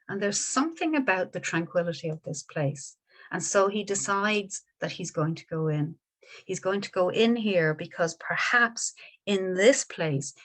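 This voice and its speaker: A woman, a Buddhist teacher telling a story in a dharma talk, gentle and unhurried with small restarts. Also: fairly low pitch.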